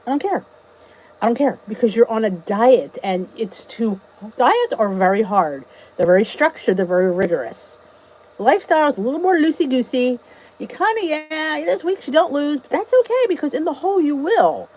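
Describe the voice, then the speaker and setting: A woman's voice: sits high, expressive, moderate pace, a little mellow, a little hiss or hum, low-quality recording. A middle-aged woman from New Jersey hosting a casual live chat. She is chatty and emphatic and repeats her key points. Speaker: vlog host answering live chat.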